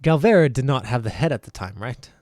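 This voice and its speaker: Man playing stern court interrogator, formal and measured. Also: medium pitch, animated, a little mellow, no echo, soft background music, natural voice.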